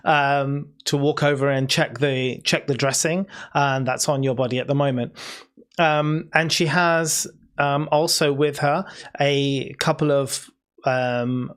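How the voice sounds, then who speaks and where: A game master with a British accent narrating a tabletop game, hesitant and full of ums. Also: medium pitch. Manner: hesitant, many ums, descriptive.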